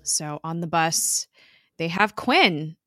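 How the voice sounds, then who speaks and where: A woman's voice: low-pitched, lively intonation, takes it slowly, fairly bright tone, no room sound, studio quality. A woman casually retelling a TV episode to a co-host, chatty, with fillers and laughs. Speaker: podcast co-host recapping a TV episode. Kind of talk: casual recap chat.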